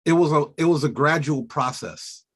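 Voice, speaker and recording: A man hosting a casual coaching chat, speaking in a slow, deliberate and emphatic way. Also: a little high. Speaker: podcast host coaching notaries.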